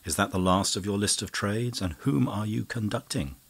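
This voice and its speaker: A witty young poet with a husky, low voice and emphatic, ironic retorts, as an audiobook narrator reads him. He is ardent and quick to mock. This is a plain storybook reading. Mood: wry.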